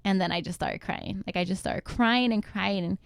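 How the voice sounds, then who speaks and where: A young woman telling a personal story in casual chat, acting out what others said to her in quick quoted lines. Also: medium pitch, vocal fry, clear, resonant tone, no echo. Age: young adult. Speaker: guest mother.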